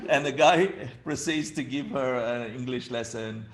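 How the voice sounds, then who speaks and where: Creaky-voiced man giving a dharma talk. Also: mid-range voice, normal speed, few pauses, a little hiss or hum. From Argentina. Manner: laughing, storytelling, chatty. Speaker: dharma teacher.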